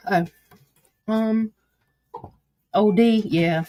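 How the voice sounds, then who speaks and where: A woman hosting a casual livestream, chatty and profane, quick to get heated. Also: medium pitch, warm tone. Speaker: livestream host.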